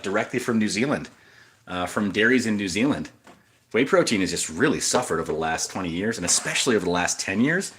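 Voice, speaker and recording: A man hosting a casual livestream, talking in a rambling way, answering viewer comments and often restarting his sentences. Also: lowish voice. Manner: rambling, with frequent restarts and asides. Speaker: livestream host.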